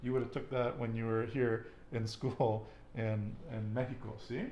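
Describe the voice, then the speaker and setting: A man's voice: medium pitch, level tone, normal speed, dark tone, echoey room, dull audio, slight background noise. A man teaching a casual language lesson, patiently asking questions and repeating his student's answers with encouragement. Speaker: Spanish teacher.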